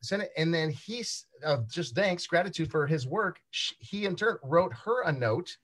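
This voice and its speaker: A man's voice: a little high, expressive, moderate pace, fairly bright tone. A middle-aged man from South Dakota co-hosting a casual talk show, telling stories in an upbeat, easygoing way. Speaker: co-host. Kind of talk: casual chat.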